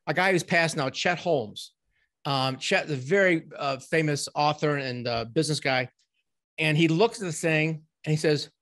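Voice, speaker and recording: Middle-aged guy on a call-in interview, kinda high voice, rambles a lot, lots of ums and restarts. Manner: rambling, animated, many restarts and fillers. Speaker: podcast guest, ghostwriting company owner. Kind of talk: casual interview storytelling.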